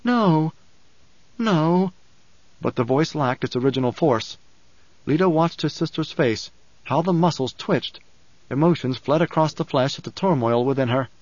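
A man narrating an audiobook in a measured, dramatic reading style. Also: medium pitch, darkish tone, no echo. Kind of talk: scripted narration. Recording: dull, dry recording.

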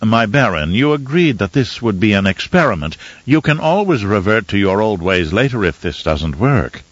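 A calculating advisor speaks in a measured, persuasive way, as a man reads him in an audiobook. The voice is low and the recording is dull and dry. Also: sing-song, no echo.

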